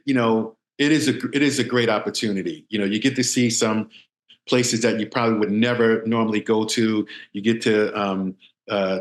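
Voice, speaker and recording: Measured male guest in a roomy room. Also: mid-range voice. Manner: measured, advising, with fillers. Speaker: podcast guest, security veteran. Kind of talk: casual interview chat. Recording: roomy echo.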